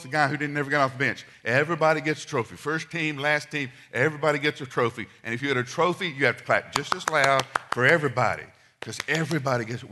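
A middle-aged man with a medium-pitched voice preaches a sermon. He tells stories, swinging between loud, quick asides and hushed, slow lines.

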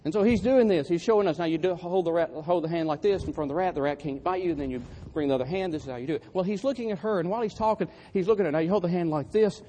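A man tells a funny story in a folksy, self-deprecating way as part of a sermon. His voice sits a little high for a man, and a faint hiss of background noise runs under it. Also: very fast, hardly any pauses, dark tone.

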